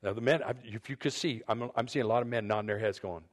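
A pastor with a mid-range voice preaches quickly in a conversational style. He often repeats words and restarts sentences while speaking to the men and then the women in turn.

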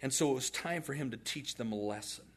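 Here an American man in his forties, a pastor, tells stories in his sermon with a husky, mid-range voice at a fast clip. His delivery is animated, and he laughs through the anecdotes.

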